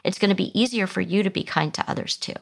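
A woman's voice: medium pitch, quick pace, vocal fry. A middle-aged woman, a psychotherapist guest in an interview, who explains things earnestly and often restarts her sentences. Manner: earnest, explanatory, many restarts, acts out quotes. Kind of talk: conversational interview.

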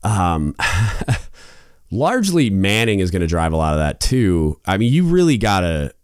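Male podcast host, deep smooth voice, emphatic and impassioned, restarts a lot. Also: very animated, a little slow, no room sound, studio quality. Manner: passionate, emphatic, loud at times; rambling with many restarts and fillers. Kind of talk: advice monologue.

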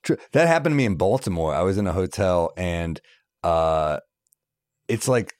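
Low-voiced man telling road stories. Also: moderate pace, dry recording, clean studio sound. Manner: animated storyteller acting out quotes. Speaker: guest comedian. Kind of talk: casual podcast storytelling.

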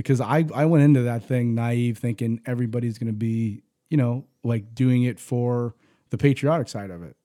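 Man, mellow dark voice, dry close sound, casual profane storytelling, restarts a lot. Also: mid-range voice, dry recording. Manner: profane, rambling, frequent restarts. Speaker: guest, army veteran.

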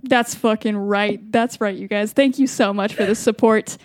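A woman's voice: mid-range voice, steady tone, moderate pace, no echo. A young woman hosting a casual game with upbeat, playful talk and plenty of swearing. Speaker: host. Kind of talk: casual game show chat.

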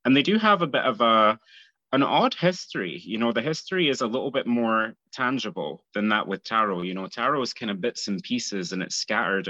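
Low-voiced Scottish man, bright and dry. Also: no room sound, muffled recording. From Scotland. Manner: easygoing, explanatory, with light laughs. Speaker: guest fortune teller. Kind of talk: casual interview conversation.

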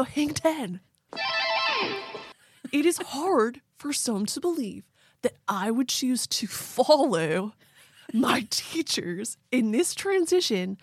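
A woman's voice: fairly high pitch, a little mellow, husky, dry recording, heavily acted. A woman puts on a laid-back male surfer dude with an easygoing drawl. His voice is a little raised and bouncy. It is recorded close and dry.

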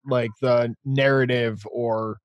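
A man's voice: medium pitch, steady tone, slow, no room sound, highs cut off. A man co-hosting a podcast, asking the guest curious questions in casual chat. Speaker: podcast co-host.

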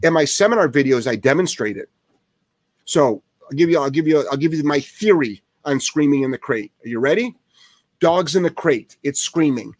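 A man runs a casual live Q&A as a dog trainer, blunt and emphatic, with a fairly high voice for a man. He swears freely and hammers points home by repeating himself. The sound is dry and close, with no room echo. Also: expressive, normal speed.

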